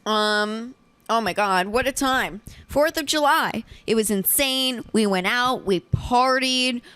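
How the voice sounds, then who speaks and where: A woman's voice: on the high side, takes it slowly, fairly bright tone, smooth. A woman in her twenties hosting a casual comedy podcast, brash and teasing with crude jokes. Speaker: podcast host.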